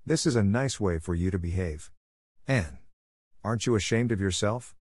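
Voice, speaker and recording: A strict middle-aged woman scolds with severe, dry authority, as a man reads her part with a low voice. The sound is close and free of room echo. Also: expressive, normal speed, darkish tone, husky. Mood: stern.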